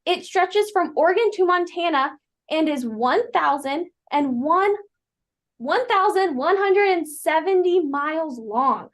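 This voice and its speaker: High-voiced woman reading a host script. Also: animated, unhurried. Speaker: livestream host. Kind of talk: scripted introduction.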